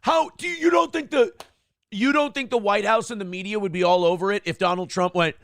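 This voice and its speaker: A man's voice: sits high, brisk, a bit bright, no room sound, studio quality. A man hosting a morning show, giving blunt, profane, sarcastic commentary over clips.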